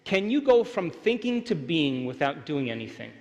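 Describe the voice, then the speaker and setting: With big pitch swings, a high-sided voice and a darkish tone at a moderate pace, a middle-aged workshop speaker lectures a live audience. He's emphatic and often asks them to agree, and the large live hall adds reverb.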